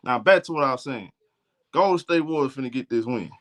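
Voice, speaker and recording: A man's voice: mid-range voice, expressive, a little fast, fairly bright tone. A man from Alabama with a Southern accent, streaming casual live game talk in a blunt, profane, trash-talking way. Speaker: sports streamer.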